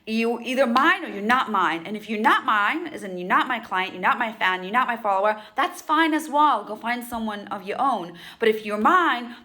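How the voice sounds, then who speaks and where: A woman coach talks straight to her viewers in a bright, ringing voice. She is emphatic and blunt, hammers her points home through repetition, and drops casual asides. Her pitch sits in a middle range. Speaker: sales and mindset coach. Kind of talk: direct-to-camera coaching talk.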